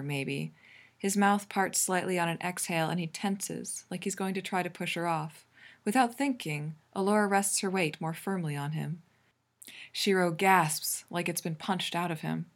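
A woman reading a fan fiction story aloud in a calm, even narrating voice. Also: on the low side. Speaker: reader.

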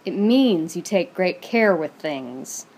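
A proud, sharp-tongued young woman, read by a woman in an audiobook-style fan fiction reading. She speaks pointedly and mockingly in a lowish voice. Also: animated, slow pace.

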